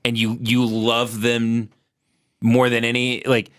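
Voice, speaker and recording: A man's voice: medium pitch, monotone, slow, fairly bright tone, clean tone, no echo. Dry, teasing male podcast host. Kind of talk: casual comedy chat.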